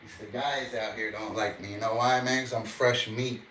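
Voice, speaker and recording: Man, low voice, casual livestream preaching, boastful, scripture-quoting, faint hiss behind. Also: fairly even intonation, moderate pace, bright, forceful tone.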